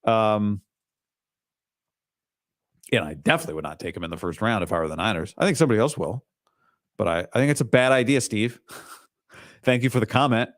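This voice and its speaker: A man's voice: medium pitch, no echo. Guy hosting sports talk, reads listener comments, blunt takes, sarcastic, dry close mic. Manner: opinionated, blunt, sarcastic asides. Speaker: sports talk show host.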